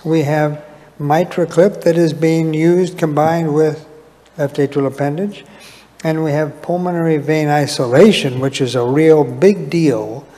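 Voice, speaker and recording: A middle-aged man giving a conference lecture in a large hall, relaxed and anecdotal with light humor. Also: fairly high pitch, measured pace. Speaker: invited lecturer. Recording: long hall reverb from PA.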